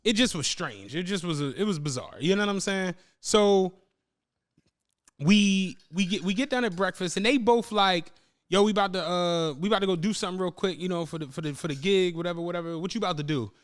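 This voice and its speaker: A man's voice: high voice, brisk. A young adult man hosting a podcast, telling a travel story in casual chat, acting out his friends' lines and swearing freely. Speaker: podcast host.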